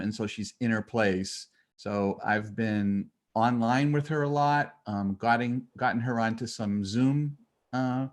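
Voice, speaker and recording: A man hosting a casual video call chat, talking in a chatty, rambling way with fillers. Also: mid-range voice. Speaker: host.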